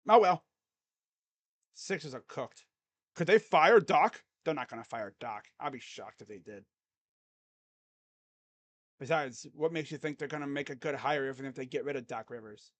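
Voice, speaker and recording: A man giving casual live play-by-play reaction to a basketball game, jumping between loud excited calls and low muttered grumbling as a rambling fan. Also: normal speed, pauses often. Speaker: sports YouTuber doing live play-by-play.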